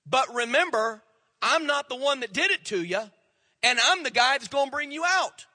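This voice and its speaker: A man preaching a sermon as pastor, folksy and emphatic, slowing down to stress the words he quotes. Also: extremely high pitch, expressive, pushed and bright, dry recording, in a large hall.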